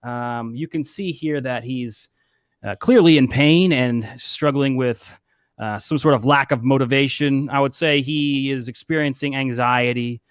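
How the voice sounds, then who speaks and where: A man's voice: mid-range voice, a little slow, smooth, dry recording, studio quality, natural voice. A man voicing a confident, self-assured tall male elf doctor in a tabletop game. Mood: smug. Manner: smug, self-assured diagnosing. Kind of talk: tabletop role-play character voice.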